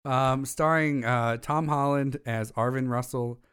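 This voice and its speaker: A man's voice: mid-range voice, steady tone, measured pace, a bit bright, clean tone. Casual young man reviewing a movie. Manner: reads plot summaries and credits, then jokes and swears casually. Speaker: podcast co-host.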